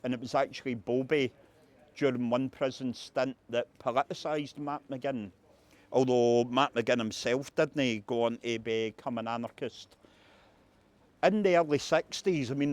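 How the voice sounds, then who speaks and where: A man's voice: medium pitch, moderate pace, darkish tone. A man with a Glasgow accent leading a walking tour outdoors, telling local history anecdotes and acting out quoted voices. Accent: Scottish (Glasgow). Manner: anecdotal, acts out quoted voices, frequent "uh" fillers. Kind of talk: guided street tour storytelling. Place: outdoors on a city street.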